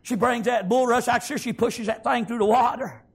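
A man's voice: very high voice, fairly even intonation, normal speed, vocal fry, breathy edge. A man preaching a fervent sermon, peppering it with amens and praise God.

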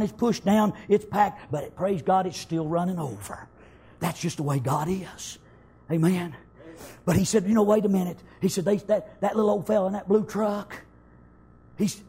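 Husky high-voiced preacher man. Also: moderate pace. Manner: fervent, repeats "amen" and "praise God", swells into shouting. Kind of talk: testimony sermon.

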